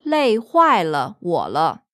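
A woman's voice: lowish voice, huge pitch swings, takes it slowly, sharp tone. A woman teaching on a language lesson podcast, patiently explaining and giving example sentences, recorded in a studio. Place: studio in Beijing.

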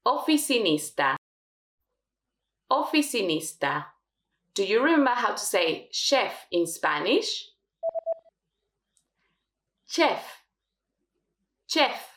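A woman teaching a language lesson, slowly modelling each word twice for learners. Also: mid-range voice, big pitch swings, fairly bright tone, roomy sound, a little hiss or hum. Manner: slow, careful modelling of words. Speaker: Spanish teacher.

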